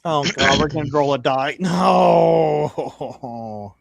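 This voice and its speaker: A man's voice: a little high, very slow, vocal fry, no echo. A man running a tabletop game as game master, narrating and joking with the players. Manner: animated, jokey.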